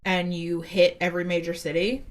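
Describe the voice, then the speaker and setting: A woman's voice: on the low side, normal speed. A woman co-hosting a podcast, telling a rambling travel story in casual chat with lots of "like"s. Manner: rambling animated storytelling, many "like"s. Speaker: podcast co-host.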